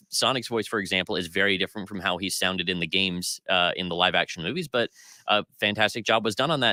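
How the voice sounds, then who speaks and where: A man's voice: low-pitched, sharp tone, no echo. A man co-hosting a casual pop culture podcast, giving opinionated critiques at length with plenty of fillers. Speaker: podcast co-host.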